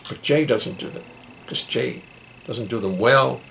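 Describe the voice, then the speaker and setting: A man, a singer and bassist, chatting wryly and rambling between songs in his home studio. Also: unhurried, gravelly, fairly bright tone, slight background noise. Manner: rambling, wry, self-deprecating asides. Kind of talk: live-streamed studio chat and song. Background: his own bass and guitar playing.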